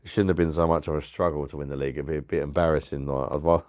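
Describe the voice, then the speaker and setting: A man with a very low voice chats loosely with his live-stream viewers, greeting them by name, laughing and swearing as he goes. The sound is dull and lo-fi. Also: steady tone, racing, a little mellow. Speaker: live-stream host reviewing beer.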